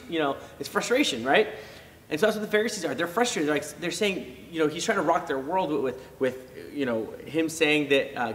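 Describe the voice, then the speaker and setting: A man's voice: a little high, long reverb tail, distant mic, poor audio. A man giving a casual youth sermon, talking it through conversationally with fillers and restarts. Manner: animated when acting out reactions. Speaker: youth pastor.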